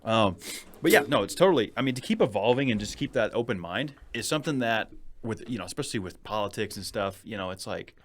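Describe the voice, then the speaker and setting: Male podcast host from New Hampshire, rapid and low-pitched, earnest. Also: expressive, slight background noise. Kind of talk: casual chat.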